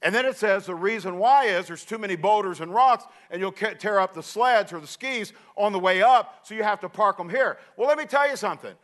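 Animated, bright-voiced storytelling preacher. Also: male voice, sits high, a little fast, few pauses. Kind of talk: sermon illustration.

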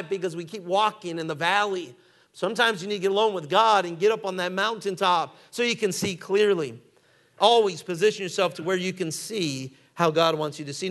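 A high-pitched male pastor delivering a sermon. He hammers his points with repetition, calls on the congregation to answer, and reads scripture aloud in old-fashioned phrasing. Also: fairly bright tone.

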